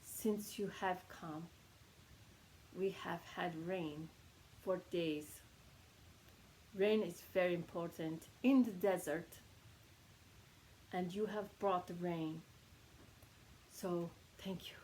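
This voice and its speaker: A woman voicing a solemn, serious male spiritual teacher, speaking slowly and gravely in a hushed voice. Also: fairly low pitch, fairly even intonation, slight background noise, voice pushed down, rough recording. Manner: slow, grave, hushed delivery.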